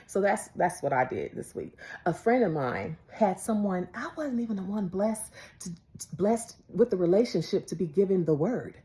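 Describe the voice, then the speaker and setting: Expressive woman preaching, wide pitch swings. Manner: emphatic, swings from loud to whispered; repeats phrases for emphasis. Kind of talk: devotional sermon.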